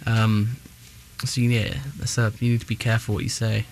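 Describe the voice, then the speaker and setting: A man's voice: fairly low pitch, monotone, moderate pace. A young man from England with an English accent, co-hosting a casual chat and rambling with many fillers. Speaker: co-host.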